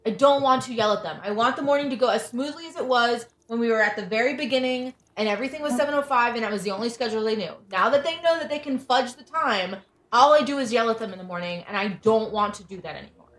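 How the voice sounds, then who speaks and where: A woman's voice: a little high, fast, fairly bright tone. A woman in her thirties chatting casually as a livestream host, venting with frustration and frequent restarts. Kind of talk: casual chat. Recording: roomy echo, faint music behind.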